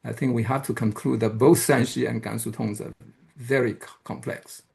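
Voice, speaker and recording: A man lecturing at a colloquium in a gravelly, creaky voice. He pauses often, filling gaps with "uh" and restarting his phrases as he works through his points. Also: medium pitch, steady tone, darkish tone. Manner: hesitant, many fillers and restarts. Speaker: guest lecturer. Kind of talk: academic lecture.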